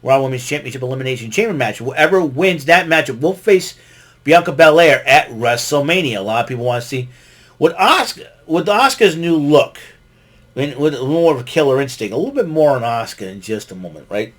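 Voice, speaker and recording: In a fairly bright, expressive mid-range voice, a little fast, a man recaps a wrestling show for his podcast. The recap is rambling and casual, heavy on fillers and restarts, with frequent chuckles.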